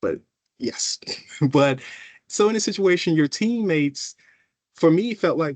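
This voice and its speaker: A man presenting a workplace training in a casual, animated way, acting out coworkers' voices as he goes. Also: on the high side, measured pace, long pauses, no echo. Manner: animated, conversational, acts out coworkers. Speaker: equity officer presenting a workshop.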